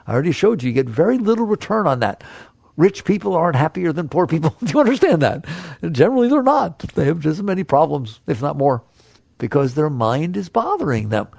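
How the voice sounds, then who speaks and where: A man's voice: on the high side, creaky, darkish tone, no echo. A man giving a conversational spiritual talk to a live audience. He asks the listeners questions and playfully acts out the chatter of the mind. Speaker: spiritual teacher.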